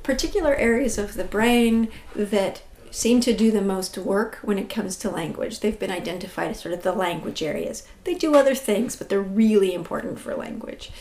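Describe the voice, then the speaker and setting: A woman researcher giving a measured, explanatory account of how the brain handles language. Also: medium pitch, darkish tone. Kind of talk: explaining to an interviewer.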